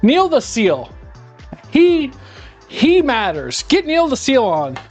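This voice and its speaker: A man's voice: very high-pitched, huge pitch swings, slow pace, a little mellow. A man rambling sarcastically and animatedly in casual chat while he cooks live in his home kitchen. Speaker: live-streaming home cook. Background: faint music.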